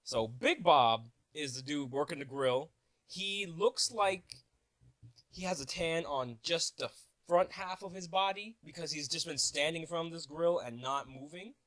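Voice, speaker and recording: A man's voice: fairly high pitch, unhurried, dry recording. Joking young man, dry close sound. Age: 20s. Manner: animated, joking, laughing at his own asides. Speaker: vlogger. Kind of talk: casual storytelling vlog.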